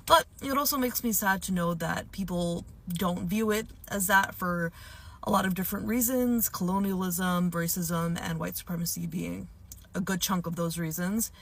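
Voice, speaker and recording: A woman's voice: fairly low pitch, moderate pace, creaky. A woman from Hyderabad speaking in a casual vlog, frustrated and lecturing her viewers. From Hyderabad, South India.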